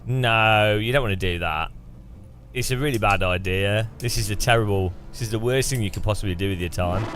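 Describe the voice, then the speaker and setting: A man's voice: on the low side, fairly quick, background noise. A man joking through live racing-game commentary, greeting chat and poking fun at himself. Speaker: gaming streamer.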